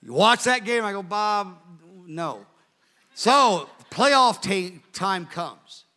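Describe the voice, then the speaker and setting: Older guy preaching, tells a story w lots of chuckly asides, high bright voice. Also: lively intonation, takes it slowly. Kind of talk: storytelling sermon.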